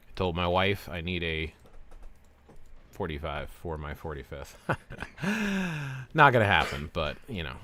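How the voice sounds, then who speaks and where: Male streamer, forties, very low voice, relaxed and chatty, talks through gameplay. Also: unhurried, pauses often, slight background noise. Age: 40s. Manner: relaxed, chatty, explains game steps while answering chat. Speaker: game streamer. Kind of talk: casual livestream chat.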